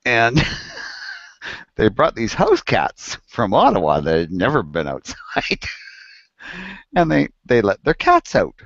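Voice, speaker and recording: Man, casual chat, laughing storyteller, animated pitch, dry dull sound. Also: takes it slowly, vocal fry, long pauses, dry recording. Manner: laid-back storyteller, laughs often, acts out animals and people.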